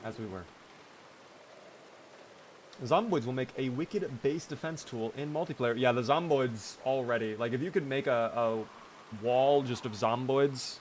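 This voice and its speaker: A man's voice: medium pitch, a little slow, slight background noise. A man streaming a game live, chatting casually, teasing his character and answering his chat.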